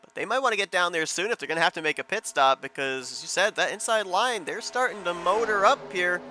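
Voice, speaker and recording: A man calling an online stock car race as play-by-play announcer, calm and analytical. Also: high voice, fast, a little hiss or hum. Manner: calm analysis, rising to shouting at the finish. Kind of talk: sim racing commentary.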